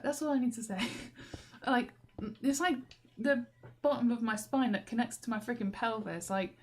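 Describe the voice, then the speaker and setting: Young woman, vlogger, rambling and exasperated, slightly high voice, faint noise behind. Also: fairly even intonation, normal speed. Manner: rambling, exasperated, laughs often. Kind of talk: rambling video diary. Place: walking through a station.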